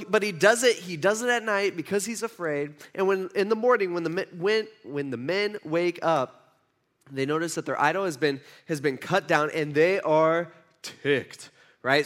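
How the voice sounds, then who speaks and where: A male pastor preaching in a relaxed, conversational way, with a high voice for a man. He tells the story with animation and keeps stopping to restart his sentences. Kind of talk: conversational sermon.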